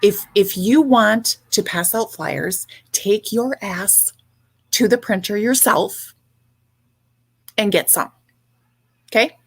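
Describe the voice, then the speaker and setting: A woman's voice: medium pitch, slow, gravelly, long pauses, husky. A woman hosting a livestream, ranting bluntly and sarcastically with frequent swearing. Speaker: livestream host.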